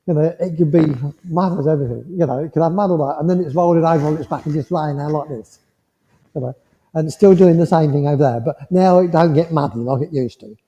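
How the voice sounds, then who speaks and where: A man giving a mediumship demonstration to a congregation, speaking in a gentle, reassuring way and checking in often with the listener. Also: fairly high pitch, fast talker. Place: village hall. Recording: muffled hall sound with long reverb.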